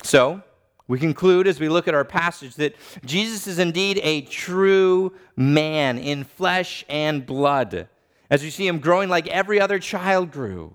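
A man in his thirties preaching a sermon in a church, reading scripture and teaching with deliberate, emphatic rises. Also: sits high. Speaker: pastor. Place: church sanctuary.

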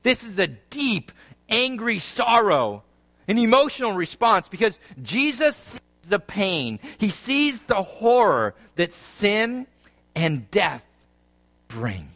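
A man preaches a sermon, his voice sitting high for a man. He moves between reading scripture and explaining it, his pitch swinging widely as the intensity rises and falls. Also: slow. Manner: expressive preaching, rising and falling intensity; reads scripture, then explains it. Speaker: pastor.

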